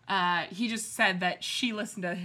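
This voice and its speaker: A woman's voice: medium pitch, fairly even intonation, normal speed, bright, forceful tone. A young woman co-hosting a live podcast, chatty and laughing often, swearing freely. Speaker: podcast co-host. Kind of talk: casual live podcast chat.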